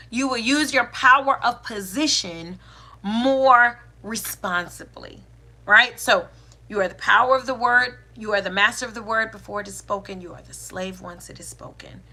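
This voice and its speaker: A woman's voice: mid-range voice, sharp tone. A woman hosting a spiritual talk, teaching in a casual, conversational way, often repeating her key phrases and checking in with "right?" and "okay?".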